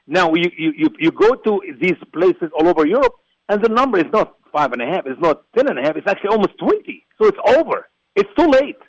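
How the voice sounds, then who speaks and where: A man from Egypt, a guest giving forceful, repetitive, preacher-like commentary on a religious talk show. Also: high voice, sing-song, fast talker, dry recording, poor audio. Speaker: guest, ministry founder.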